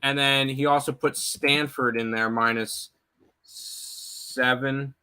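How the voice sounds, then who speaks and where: A man's voice: medium pitch, steady tone, slow, sharp tone, smooth. A man giving sports betting picks in casual chat, blunt, with frequent fillers.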